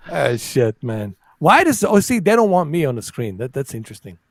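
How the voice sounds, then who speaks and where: A man's voice: on the high side, very animated, moderate pace, dry recording. A man hosting a casual podcast over a video call, joking and exclaiming in a rambling way. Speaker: podcast host.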